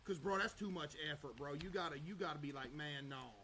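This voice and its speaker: High, bright-voiced joking male streamer. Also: quick pace, slight background noise, low-quality recording. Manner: joking, boastful banter in loose slang. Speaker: livestreamer. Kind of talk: casual livestream chat.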